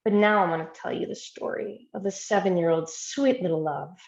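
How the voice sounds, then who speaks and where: A woman's voice: on the low side, a little fast, creaky, darkish tone, echoey room, lo-fi sound. A woman physician giving a storytelling presentation, talking earnestly and with emotion over a video call.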